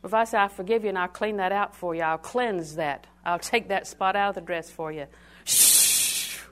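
Older lady preaching, call and response, goes loud then real quiet. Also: fairly low pitch, normal speed, clean tone. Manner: call-and-response, dramatic swings from loud to hushed. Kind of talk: sermon.

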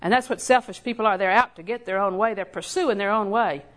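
Folksy older woman preaching. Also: mid-range voice. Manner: folksy, storytelling with laughs, slow emphatic repetition. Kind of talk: sermon.

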